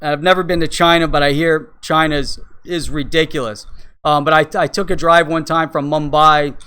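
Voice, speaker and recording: Male host, slightly high smooth voice, rambling anecdote delivery. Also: level tone, normal speed, bright, forceful tone. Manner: rambling, many fillers and restarts. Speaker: crypto show host. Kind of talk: casual storytelling.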